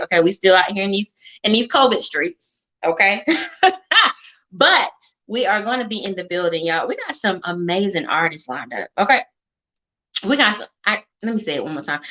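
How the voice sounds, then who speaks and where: A woman with a mid-range, pushed, bright voice hosts a live-stream talk show, chatting and hyping up her viewers while frequently saying "okay" and "y'all." The audio quality is poor.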